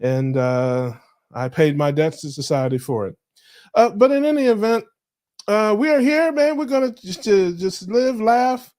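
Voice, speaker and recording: A man's voice: high-pitched, expressive, a little slow, a little mellow. A man co-hosting a live diet chat show over a video call, joking, teasing and laughing often. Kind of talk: casual live-stream chat.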